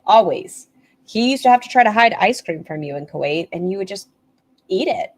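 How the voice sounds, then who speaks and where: A woman's voice: mid-range voice, expressive, fairly quick. A woman hosting a livestream commentary, making blunt, sarcastic remarks and reading out poll results. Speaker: commentary streamer.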